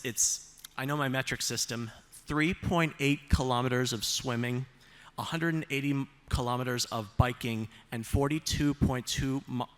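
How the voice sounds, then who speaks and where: A man's voice: medium pitch, bright, forceful tone. A man delivering a conference keynote speech on stage, upbeat and joking as he speaks straight to the audience.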